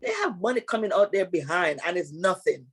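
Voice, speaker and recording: A Jamaican woman from Jamaica, a guest actress in a casual chat, animated and joking, quick to laugh. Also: lowish voice, breathy edge.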